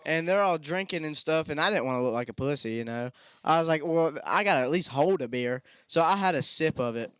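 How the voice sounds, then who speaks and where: Young man co-hosting a podcast, loose and profane, smooth voice, dry sound. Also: fairly high pitch, expressive, fairly quick, fairly bright tone, no room sound. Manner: rambling, swears a lot, frequent restarts. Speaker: podcast co-host. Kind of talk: casual storytelling chat.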